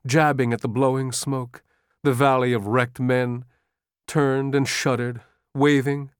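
Slow, grave male audiobook narrator. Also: medium pitch, steady tone, clean tone, no echo, studio quality.

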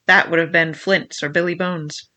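A reader doing Long John Silver, gruff scheming pirate. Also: mid-range voice, little pitch movement, moderate pace, bright, forceful tone, natural voice. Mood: menacing. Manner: gruff, persuasive, menacing. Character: ruthless scheming old male pirate cook. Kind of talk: audiobook reading.

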